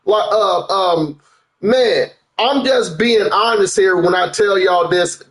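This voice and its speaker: A young man chats on a live stream in a relaxed, slangy way. His voice sits a little high and he takes his time, stretching words out. He keeps swinging from loud bursts down to low mutters. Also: rough recording. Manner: animated, swings up and down, loose slangy chat. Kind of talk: casual live-stream wrestling talk.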